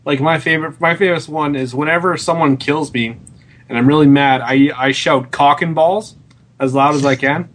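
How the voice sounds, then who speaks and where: A man's voice: fairly high pitch, normal speed, fairly bright tone. A man on a casual gaming podcast, joking around with crude banter. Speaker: podcast co-host.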